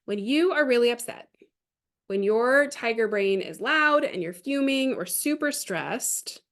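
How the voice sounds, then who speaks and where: A woman's voice: a little high, animated, unhurried, a bit bright. A woman giving an online parenting training over a video call, talking in a chatty way with frequent fillers and restarts. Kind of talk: online training talk with storytelling.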